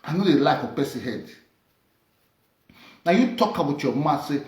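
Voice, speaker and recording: A woman's voice: sits low, sing-song, moderate pace, reverberant, faint music behind. A Nigerian woman vlogger speaking Nigerian Pidgin English in a combative, mocking rant full of repeated taunts. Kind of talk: ranting monologue.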